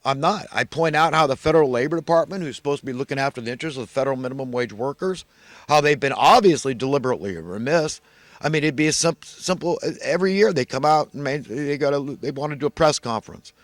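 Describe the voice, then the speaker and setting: A man's voice: mid-range voice, animated, fast talker, no echo. A man delivering an emphatic, repetitive solo rant. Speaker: vlogger.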